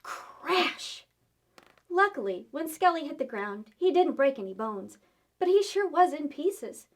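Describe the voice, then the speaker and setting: A woman librarian reading a story aloud to children, playful and animated. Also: high-pitched, normal speed. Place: public library.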